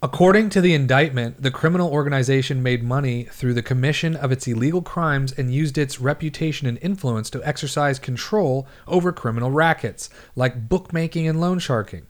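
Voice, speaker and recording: A young man co-hosting a casual podcast, reading news stories aloud with a joking, irreverent edge. His voice sits at an ordinary middle pitch. He swears freely and trips over words as he reads. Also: brisk, few pauses. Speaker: podcast co-host.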